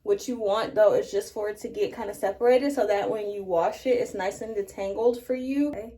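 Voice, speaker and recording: A woman's voice: medium pitch, a little fast, mellow. A woman vlogger chatting casually through a hair care tutorial, talking straight to her viewers. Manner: chatty, addresses viewers as you guys. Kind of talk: casual tutorial talk to camera.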